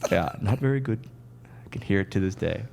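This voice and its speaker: A man's voice: low voice, lively intonation, fairly quick, gravelly, darkish tone, a little hiss or hum. A man from Wisconsin, a guest telling stories in a casual, self-deprecating way with lots of laughing. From Wisconsin, USA. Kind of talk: casual storytelling.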